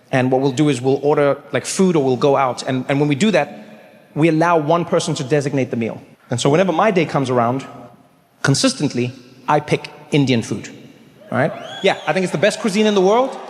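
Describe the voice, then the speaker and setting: A man from South Africa telling a stand-up comedy story, acting out voices with big jumps in pitch. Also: slight background noise. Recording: large hall with long reverb, faint ambience.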